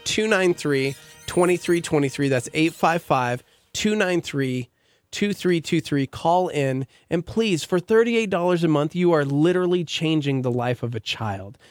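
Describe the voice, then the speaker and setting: A man's voice: on the high side, expressive, unhurried, dry recording, soft background music. A man hosting a morning radio show, making an earnest, urgent appeal for donations. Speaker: radio host.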